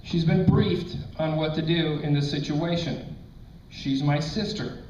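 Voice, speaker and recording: A middle-aged man doing a stand-up comedy set, telling crude stories deadpan and hitting punchlines loudly. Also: a little high, measured pace. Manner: crude, deadpan storytelling with sudden loud punchlines. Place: comedy club stage. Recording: roomy, distant, dull club recording with faint noise. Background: audience laughter.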